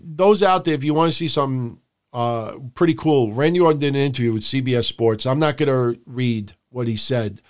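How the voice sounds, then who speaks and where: A man co-hosting a wrestling podcast, recapping the show in casual, profane chat and shouting out quotes in a high voice. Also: moderate pace. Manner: animated, profane, mimics people in loud high shouts. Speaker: podcast co-host.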